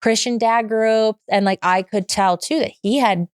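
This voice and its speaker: A woman's voice: fairly high pitch, steady tone, normal speed, clean tone, no echo, clean studio sound. A woman in her thirties telling her own story as a podcast guest, open and frank, rambling with restarts. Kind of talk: candid personal story in conversation.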